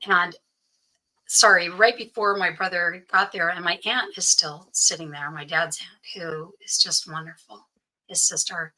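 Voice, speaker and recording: Unhurried and fairly even in intonation, her fairly low voice sounds pushed and bright through a low-quality recording. She's a middle-aged woman telling her story earnestly as an interview guest, full of "you know" fillers and quoted dialogue.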